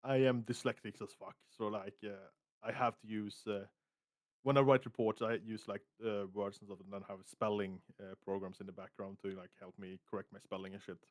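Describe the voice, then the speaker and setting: A man's voice: fairly low pitch, little pitch movement, a little fast, no room sound. Hesitant man, dry close sound. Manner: hesitant, many fillers and restarts. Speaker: podcast guest. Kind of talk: casual chat.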